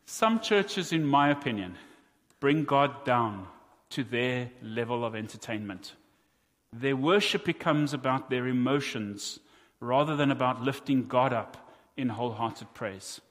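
South African man, pastor's sermon, unhurried earnest delivery, wry asides, long hall reverb. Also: medium pitch, animated.

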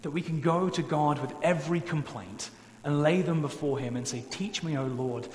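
A man preaching a sermon as pastor, earnest and pleading, slowing down to stress key points. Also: fairly high pitch. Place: church sanctuary. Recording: echoey church hall, faint hum.

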